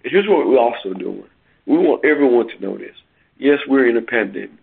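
A man's voice: medium pitch, expressive, vocal fry, breathy edge. A man preaching and announcing upcoming sermons, then leading a prayer, heard over a phone call. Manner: preacherly, emphatic with drawn-out words. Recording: tinny phone line.

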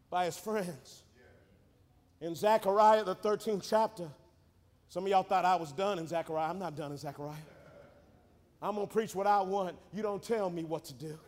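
Brief: male preacher, high-pitched, fiery sermon with rapid asides, reverberant sanctuary. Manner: dynamic, swinging from rapid joking asides to loud shouted climaxes. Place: church sanctuary. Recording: reverberant church hall.

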